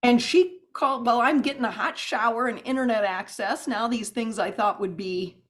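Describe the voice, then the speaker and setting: A woman telling stories as a podcast guest, animated and rambling with restarts and asides. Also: a little high, normal speed. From United States. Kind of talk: podcast interview storytelling.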